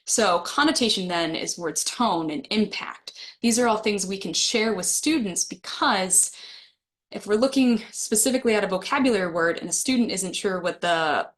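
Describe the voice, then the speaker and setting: A woman's voice: medium pitch, moderate pace. Woman presenting an online teaching webinar. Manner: friendly, laughs with the chat, reads comments aloud. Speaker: webinar presenter for adult educators.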